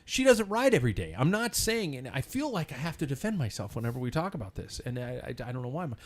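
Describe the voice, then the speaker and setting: A man's voice: medium pitch, very animated, fast talker. A man hosting a live podcast in a bar, chatting casually, rambling and swearing freely. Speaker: podcast host.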